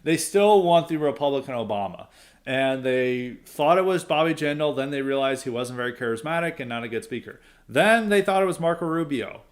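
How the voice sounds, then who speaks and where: A man's voice: mid-range voice, expressive, brisk. A man hosting a podcast in casual political commentary, opinionated and rambling, with frequent asides and chuckles. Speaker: podcast host.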